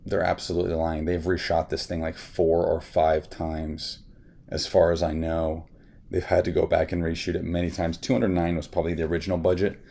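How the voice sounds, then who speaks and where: A man hosting a casual movie reaction video, talking in an animated, ranting way and often saying y'all. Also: low voice, a little fast, creaky. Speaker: film reviewer and channel host.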